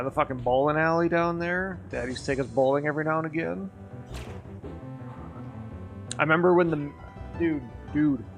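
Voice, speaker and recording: A man from Wisconsin chats loosely on a live stream from his garage. His voice sits a touch high, and his stories wander with plenty of swearing. Soft music plays faintly underneath. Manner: rambling, profane nostalgic storytelling. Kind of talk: casual stream chat. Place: home garage with a green screen.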